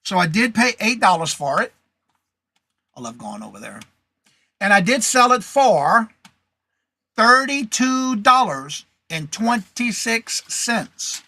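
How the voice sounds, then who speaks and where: A man's voice: high voice, big pitch swings, slow pace, pauses often, pushed and bright, no echo. A man hosting a casual live reseller show, chatting, reading viewer comments aloud and greeting viewers by name. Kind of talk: casual live-stream chat.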